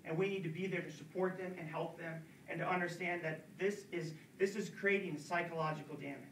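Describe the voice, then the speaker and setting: A man's voice: fairly high pitch, steady tone, fairly quick, gravelly, a bit bright, slight background noise. A man giving an earnest talk at a college event, urging his listeners and repeating words for emphasis, recorded from a distance in a room. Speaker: speaker at a campus pro-life talk. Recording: echoey room, distant mic.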